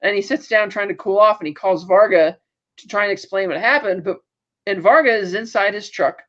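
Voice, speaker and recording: A woman co-hosting a podcast, telling the plot in a lively, casual way. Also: mid-range voice. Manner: lively storytelling, quickly recapping plot. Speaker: podcast co-host. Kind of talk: casual podcast episode recap. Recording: dull lo-fi sound.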